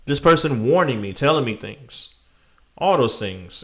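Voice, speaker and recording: A man's voice: mid-range voice, lively intonation, measured pace. A man hosting a live stream, talking casually and rambling animatedly to his viewers.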